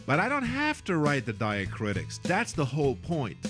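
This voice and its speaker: A man teaching how to write and say words in a relaxed, playful way, with joking asides about his own mistakes. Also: normal speed, music in the background. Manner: playful, self-mocking, lively pitch. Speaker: Arabic calligraphy teacher.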